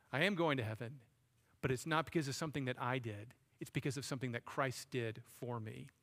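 A man's voice: medium pitch, moderate pace, pauses often, a bit bright. A man preaching a sermon as pastor, conversational, asking the congregation rhetorical questions. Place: church sanctuary. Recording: long hall reverb.

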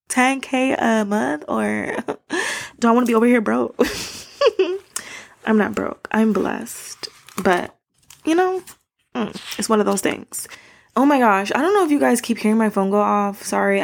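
A woman's voice: fairly high pitch, creaky. A young woman hosting a podcast, chatting casually to listeners and ranting animatedly with slang. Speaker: podcast host.

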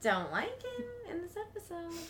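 Lively giggly woman co-host. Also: very high-pitched, normal speed. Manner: giggly, animated reactions. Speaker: podcast co-host. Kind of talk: casual chat.

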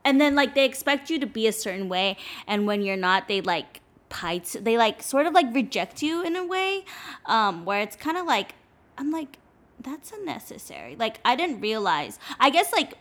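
A woman's voice: a little high, very animated, normal speed, fairly bright tone. A young woman from California, chatting casually and rambling with lots of filler words. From California, United States. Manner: rambling, heavy use of "like". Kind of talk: casual chat.

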